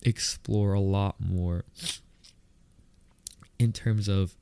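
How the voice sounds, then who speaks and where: A young man with a lisp, made stronger by retainers, hosting his own podcast in a candid, excitable way. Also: on the low side, gravelly, a little hiss or hum. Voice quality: lisp, more pronounced with retainers in. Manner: excitable and candid, laughs, quick asides. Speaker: podcast host. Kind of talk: solo podcast monologue. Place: indoors, filmed on camera.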